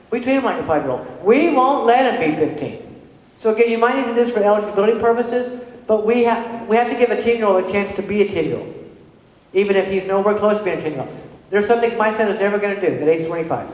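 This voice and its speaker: A middle-aged woman and parent giving a conference presentation to an audience, telling stories conversationally and checking in with the room. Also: mid-range voice. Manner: animated storytelling with quick restarts. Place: large hall with an audience. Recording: very echoey hall with long reverb.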